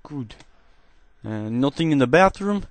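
A man doing gameplay commentary in a cheesy put-on Russian accent, speaking halting, broken English into a headset. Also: mid-range voice, animated, no echo. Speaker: gaming commentator.

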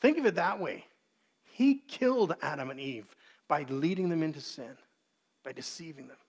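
Guy preaching, earnest, kinda high voice, acts out quotes now and then. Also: expressive, normal speed, slightly rough. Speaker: pastor. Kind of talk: sermon.

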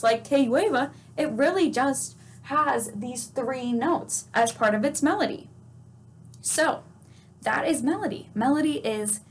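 A woman with a high voice leads a children's music lesson, speaking slowly and patiently. She encourages the class with questions and sings or chants short examples. Faint noise sits behind her. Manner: sings note names and chants. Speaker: music teacher.

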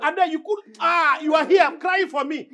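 A Nigerian woman playing a sharp-tongued relative who mocks a young man for losing a fight. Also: sits high, normal speed. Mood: mocking. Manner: mocking, scolding. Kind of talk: Nollywood film acting.

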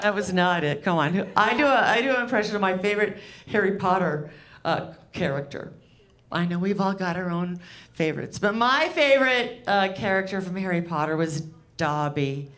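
A woman's voice: on the low side, a bit bright. A woman comedian doing a stand-up set on a club stage, loose, rambling and crude, poking fun at herself. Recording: live club set with audience laughter.

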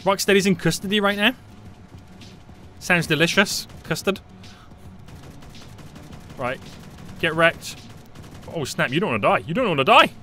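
A man giving live gameplay commentary, panicky and excitable, often repeating short phrases. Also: high voice, unhurried, pauses often, soft background music. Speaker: gaming YouTuber.

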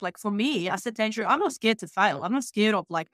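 Candid, animated woman podcast host. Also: mid-range voice, a little fast, dry recording, studio quality. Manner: candid and animated, swears freely, acts out conversations. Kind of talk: casual interview chat.

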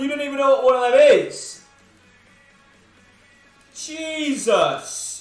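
A young man with a high voice chats and jokes with his viewers while opening packs on a live stream, teasing them and yelling now and then. His voice rings around a roomy space, with game music faintly underneath. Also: sing-song, slow, long pauses. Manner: banter with chat, teasing viewers, sudden shouts. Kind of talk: live-stream gaming chat.

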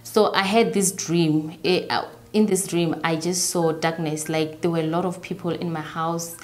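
A young woman telling a personal story in an interview, halting and repeating herself, softly voicing what others said. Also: fairly low pitch, steady tone.

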